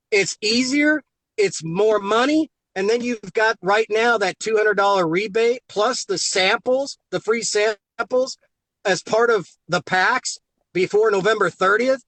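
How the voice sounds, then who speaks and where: High-voiced man telling an excited testimonial. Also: no room sound. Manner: excited, acts out quoted dialogue. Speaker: guest giving a product testimonial. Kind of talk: animated storytelling on a live call.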